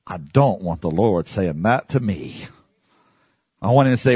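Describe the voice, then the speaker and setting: A man preaching an expository Bible sermon in a conversational way, swinging between high emphatic outbursts and low hushed asides and asking his listeners questions. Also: lively intonation, measured pace, long pauses, breathy edge, no room sound.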